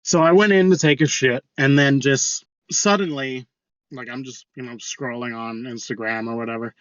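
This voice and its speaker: A man's voice: mid-range voice, steady tone, normal speed, a bit bright, no echo, dull audio. A man co-hosting a podcast, telling stories in casual chat with lots of fillers and swearing. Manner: rambling storytelling, heavy swearing. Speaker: podcast co-host.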